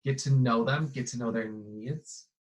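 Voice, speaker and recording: Male guest, casual chat, relaxed storytelling, mid-pitched voice. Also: measured pace, rough recording.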